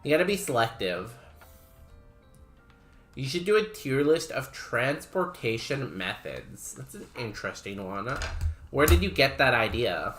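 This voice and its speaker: A man streaming a game, chatting casually and musing aloud in a wry, unhurried way. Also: mid-range voice, very animated, fairly bright tone, faint music behind. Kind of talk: casual livestream chat.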